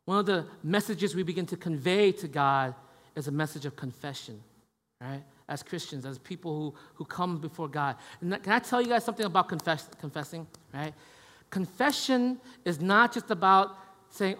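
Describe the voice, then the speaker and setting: A man delivers a sermon in a relaxed, conversational manner, often tagging his points with a quick question to the room. His voice sits a little high for a man. The sound carries a long reverb from a large hall. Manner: conversational, frequent "right?" tags. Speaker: pastor.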